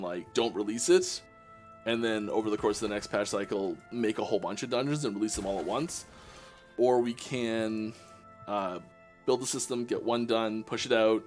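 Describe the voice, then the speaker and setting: A Canadian man, a game developer, chatting casually on a live stream and answering viewer questions, with many restarts and fillers. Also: lowish voice. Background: faint game music.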